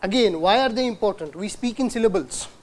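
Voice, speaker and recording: A man lectures in a hall. He keeps asking the audience questions he then answers himself. He sounds out words slowly to demonstrate them. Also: high voice, expressive, a little mellow. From India. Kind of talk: university lecture.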